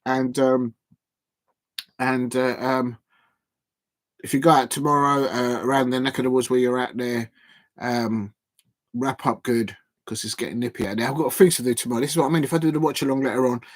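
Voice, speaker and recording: A man hosting a live football watch-along from home, chatting in a rambling, hesitant way with lots of fillers and restarts and giving shout-outs to viewers. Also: mid-range voice, fairly even intonation, brisk, pauses often, no room sound. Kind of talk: casual live match commentary.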